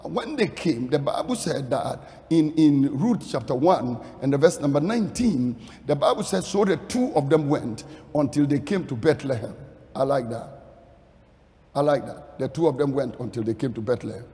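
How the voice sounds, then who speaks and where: A man preaching a sermon dramatically, dropping to a hush and then rising to sing-song shouts. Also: medium pitch, expressive, normal speed, long reverb tail.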